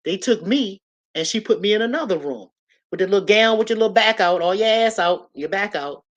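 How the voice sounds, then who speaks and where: A woman telling a personal story to a live audience in a lively, animated way, often calling her listeners y'all. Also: medium pitch, brisk, highs cut off.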